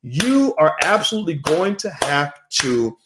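A man hosting a casual commentary monologue, animated and profane, with many restarts. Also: on the high side, unhurried, noisy background. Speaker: host.

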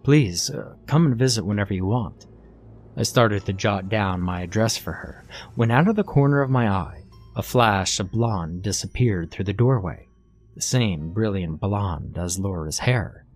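A man narrating a horror story in a low, hushed delivery. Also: expressive, a little slow. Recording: faint music underneath.

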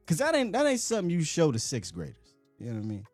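Animated male call-in show host. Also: on the high side, no room sound, soft background music. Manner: animated, talkative, quick asides. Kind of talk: casual call-in chat.

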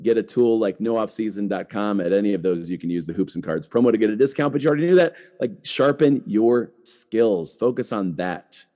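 Chatty low-voiced podcast host man. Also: lively intonation, fast, hardly any pauses, dark tone. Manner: chatty, full of "like" and restarts. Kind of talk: casual podcast talk.

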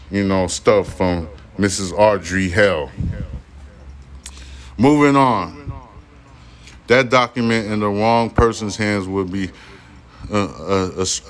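A man's voice: deep voice, slow pace, pauses often, fairly bright tone. A man hosting a podcast, reading news aloud and breaking into irritated, profane rants. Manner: profane, irritated ranting between read passages. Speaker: podcast host.

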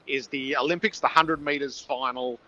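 A man's voice: medium pitch, steady tone, moderate pace, sharp tone, muffled recording. A man who calls football games, describing the build-up from his stadium broadcast position in vivid, storytelling detail. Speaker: NFL commentator calling the game. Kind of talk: on-location phone-in chat.

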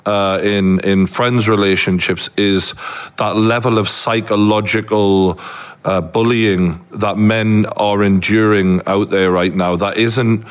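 Blunt Geordie host, low voice. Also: male voice, steady tone, slow pace, clean tone. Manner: blunt, casual, swears freely. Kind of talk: casual interview chat.

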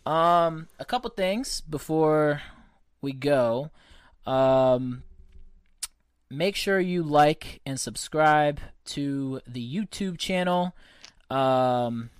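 Profane, animated male podcast host. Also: fairly high pitch, clean tone, dry recording, studio quality. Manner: profane, animated storyteller acting out quotes. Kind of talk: casual chat.

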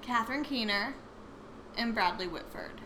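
A young adult woman co-hosting a podcast, relaxed, reading facts with dry asides. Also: fairly high pitch, normal speed, slight background noise. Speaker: podcast co-host. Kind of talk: casual chat.

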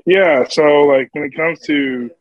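A man's voice: a little high, slow, dry recording. Teasing man, dull lo-fi sound. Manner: joking, teasing. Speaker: guest, athlete. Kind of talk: casual chat.

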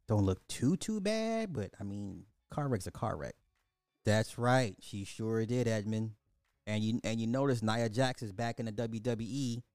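Slangy dude hosting a livestream, repeats himself a lot, dry close mic, soft music behind. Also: male voice, medium pitch, clear, resonant tone, no room sound. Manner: animated, repetitive, swears, slangy. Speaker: livestream host reading chat. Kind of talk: casual livestream chat.

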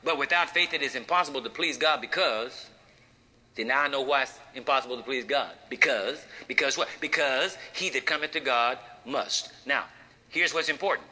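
Bright, folksy man preaching. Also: medium pitch. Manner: folksy, emphatic, dramatic pauses, rhetorical questions. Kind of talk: sermon.

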